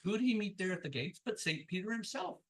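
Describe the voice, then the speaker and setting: A man telling a folk tale at a live story swap, in an animated, folksy way with chuckles. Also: high-pitched, fast talker.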